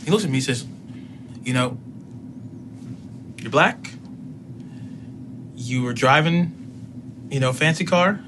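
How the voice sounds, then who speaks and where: A man's voice: medium pitch, lively intonation, slow pace, pauses often, noisy background. A middle-aged man telling a personal story in casual speech, acting out both sides of a conversation.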